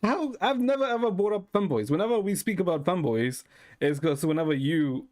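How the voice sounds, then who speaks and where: Male streamer, deadpan and rambling, slightly high voice. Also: moderate pace. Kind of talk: casual chat with viewers.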